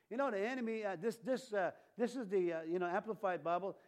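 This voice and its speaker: A man's voice: sits high, fast, hardly any pauses, darkish tone. A man preaching an informal sermon in a church, rambling and breaking off mid-sentence, chuckling at his own asides. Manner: rambling, self-interrupting, chuckling often. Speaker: pastor.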